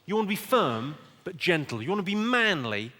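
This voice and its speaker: A British man performing live stand-up, delivering one-liners in a dry, deadpan way on a comedy stage. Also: high voice, moderate pace. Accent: British English.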